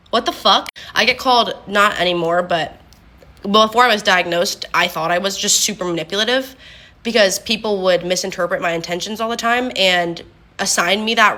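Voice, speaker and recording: Blunt, candid young woman streamer chatting casually; bright, forthright voice, middle pitch. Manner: blunt, candid, swears freely. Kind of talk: casual monologue.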